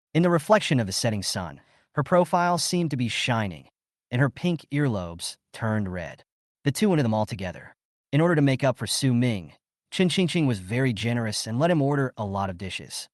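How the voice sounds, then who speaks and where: A man reading a scripted story recap as its narrator, in a steady storytelling manner. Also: mid-range voice, no room sound, clean studio sound.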